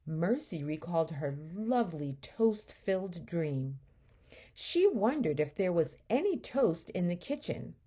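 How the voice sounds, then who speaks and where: A woman teacher reading a children's storybook aloud in a gentle, expressive way. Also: fairly low pitch, measured pace, breathy edge, muffled recording.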